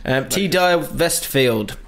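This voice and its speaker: A man's voice: mid-range voice, expressive, takes it slowly, fairly bright tone. A man co-hosting a casual podcast, laughing a lot as he reads listener messages aloud. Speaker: podcast co-host. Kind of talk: casual chat.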